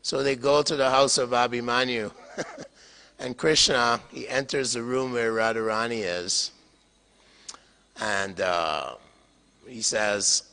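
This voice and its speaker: An older man tells a sacred story to an audience in a tone that is bright and forward. He pauses often, chuckling and clearing his throat. His voice carries a long reverb through a temple hall. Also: mid-range voice, fairly even intonation. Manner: halting, with frequent fillers, chuckles and throat clearing. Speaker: lecturer on scripture. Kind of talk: storytelling scripture lecture.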